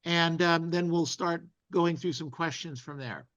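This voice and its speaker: A man's voice: on the high side, a little slow, a bit bright, lo-fi sound. A man hosting a casual interview, upbeat and encouraging. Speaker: interview host and sales coach.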